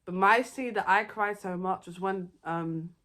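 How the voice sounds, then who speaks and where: A young woman, chatting excitedly and rambling through her favourite movies in a casual vlog. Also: mid-range voice, unhurried. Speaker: vlogger. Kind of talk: casual movie review chat.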